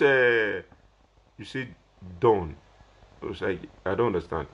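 A young man with a Nigerian Pidgin English accent speaks in a slightly low voice. He rambles and repeats himself as he pleads with his viewers. He sounds like someone talking casually on a live phone video. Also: very animated, moderate pace, long pauses, bright, forceful tone. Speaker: social media personality.

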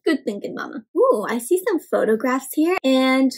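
A young adult woman with a high voice reads a picture book aloud to children. She stops often to ask questions and gasps with excitement. Her delivery is animated and engaging. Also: normal speed. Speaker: children's storyteller. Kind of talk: interactive read-aloud for kids.

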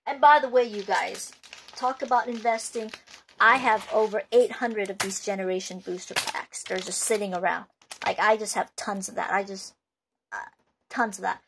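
A woman's voice: mid-range voice, steady tone, moderate pace, vocal fry, a bit bright, a little hiss or hum. A woman collector giving unscripted advice in a vlog, rambling and emphatic, with many restarts. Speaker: card collector and video maker.

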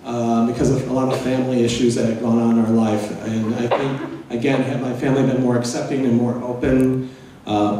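A man's voice: mid-range voice, dark tone, slight background noise. A middle-aged man giving a personal storytelling lecture, candid and mixing in humor. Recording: echoey hall, voice from far off.

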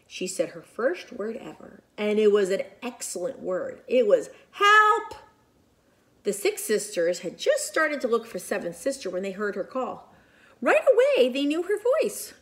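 Animated woman reading a picture book. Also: medium pitch. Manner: animated, expressive, with whispered asides. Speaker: children's storyteller. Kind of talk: children's picture-book read-aloud.

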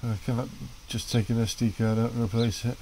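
A man's voice: mid-range voice, level tone, fairly quick, darkish tone, slight background noise. A man at home, filming on his phone and rambling through a casual running commentary to himself with muttered asides. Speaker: vlogger.

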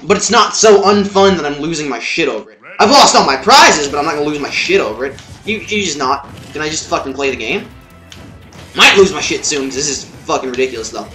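A young man commentating his own gameplay, swearing, yelling and muttering at the game. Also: on the high side, lively intonation, fairly quick, echoey room, soft background music. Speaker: let's play gamer.

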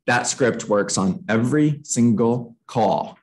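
A man's voice: on the high side, animated, measured pace, poor audio. A man giving a live training talk to real estate agents, emphatic, often repeating himself and acting out sample phone calls.

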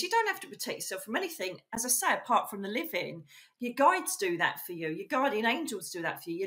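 A woman's voice: on the high side, bright, forceful tone. A middle-aged woman from England, a psychic medium, telling her life story in a chatty, emphatic way, full of "you know" and "literally". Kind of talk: casual storytelling interview.

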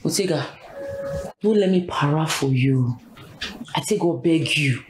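An actress with a Nigerian accent playing a sharp-tongued wife who scolds her husband in Pidgin. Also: low voice, animated, measured pace. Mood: scolding. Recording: echoey room with faint noise.

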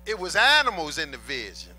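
A man's voice: a little high, wildly swooping pitch, a little fast, bright, forceful tone, faint music behind. A man preaching a sermon in an emphatic, colloquial way, repeating his key points and addressing the congregation as brothers and sisters. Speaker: pastor.

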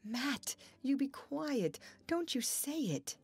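A troubled young farmer, read by a woman narrator, brooding and full of longing. He speaks in an earnest, pleading way, voiced as audiobook dialogue a little above the reader's usual pitch. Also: expressive, a little slow, no room sound.

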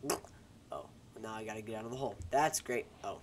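A man's voice: fairly low pitch, a little fast. A young man giving casual, self-deprecating commentary while playing a game, rambling and joking to his viewers through a headset mic. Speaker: gaming YouTuber. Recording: noisy home recording with keyboard clicks.

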